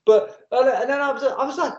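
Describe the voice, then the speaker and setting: A chatty man tells a story in a relaxed podcast, mimicking the people in it. His voice is high, and the recording is roomy and a little dull. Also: a little fast. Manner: chatty, laughing, mimics others. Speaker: podcast co-host. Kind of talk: casual chat, storytelling. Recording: roomy muffled audio.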